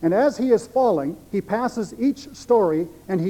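A male pastor delivering a sermon in an emphatic way, repeating key phrases. His voice sits high for a man but sounds mellow and dark in tone. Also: expressive, normal speed.

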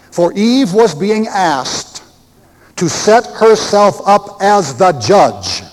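A man preaching a sermon, emphatic and full of rhetorical questions. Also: on the high side. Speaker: pastor. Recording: long hall reverb.

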